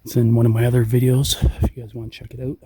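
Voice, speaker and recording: A middle-aged man hosting a night walk through the woods, talking low and wary into a handheld recorder outdoors. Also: level tone, racing, a little hiss or hum. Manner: low-key, hushed and wary. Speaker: channel host. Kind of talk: hushed night walk-and-talk.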